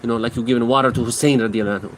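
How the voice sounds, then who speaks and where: A man's voice: medium pitch, fairly even intonation, very fast, a little hiss or hum. A man giving brash, slangy, taunting reaction commentary on clips.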